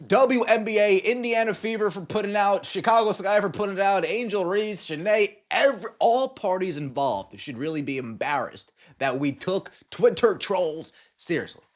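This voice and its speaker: Man, podcast host, high voice, sarcastic sports rant, scornful. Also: normal speed, hardly any pauses. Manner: sarcastic and scornful, mocking quotes in put-on voices. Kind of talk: ranting sports commentary.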